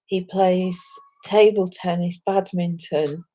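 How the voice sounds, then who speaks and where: A tired woman in casual chat as a podcast co-host, relaxed and hesitant. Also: on the low side, takes it slowly.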